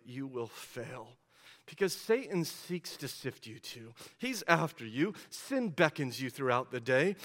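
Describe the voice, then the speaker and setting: A man preaching a sermon as pastor, animated and questioning, often repeating words as he builds up. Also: fairly high pitch, in a large hall.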